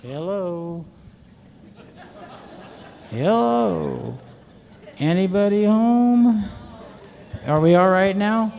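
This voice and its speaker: A man's voice: a little high, expressive, drawn-out words, creaky, long pauses, a little mellow. A man speaking at a conference, telling a personal story in a folksy, chatty way into a handheld mic. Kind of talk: storytelling talk. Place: large conference hall. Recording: reverberant hall, faint noise.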